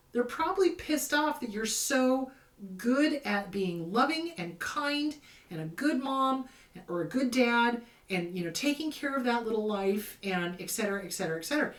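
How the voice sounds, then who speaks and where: Woman, therapist host, casual advice talk, blunt, emphatic, repeats herself, echoey room, mic set back. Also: fairly high pitch. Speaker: therapist host answering viewer questions. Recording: roomy echo, mic at a distance.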